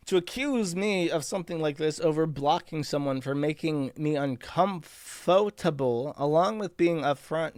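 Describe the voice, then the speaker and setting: A man runs his podcast commentary in a loose, crude, sarcastic ramble. His voice sits a little higher than most men's and comes across smooth and clean. The sound is close and dry, with no room around it. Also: no echo. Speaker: podcast host. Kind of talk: casual commentary.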